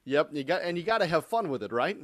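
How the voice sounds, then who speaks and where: A man's voice: on the high side, very animated, quick pace, fairly bright tone, no room sound. A male sports radio host interviewing a guest in a conversational way.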